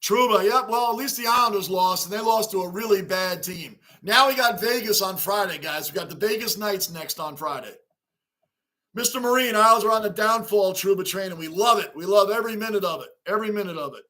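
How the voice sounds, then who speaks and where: A man's voice: sits high, a little fast. A man hosting a fan livestream, reacting emotionally to a game loss and greeting viewers in chat by name. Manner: emotional, animated, talks straight to chat. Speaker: livestream host.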